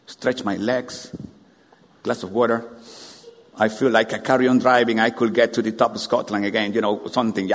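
A man preaching a sermon, animated, firing rhetorical questions at the congregation. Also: mid-range voice. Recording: long hall reverb.

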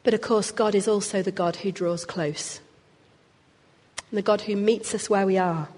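A woman's voice: medium pitch, steady tone, a little slow, a little mellow. A woman preaching a sermon. She talks expressively and pushes harder on the key words. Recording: long hall reverb.

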